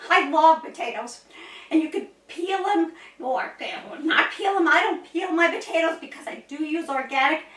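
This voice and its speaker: A woman with a very high, slightly bright voice hosts a home cooking video, chatting cheerfully and laughing often while she cooks. It's a casual demonstration in her home kitchen, picked up by a distant mic with a roomy sound.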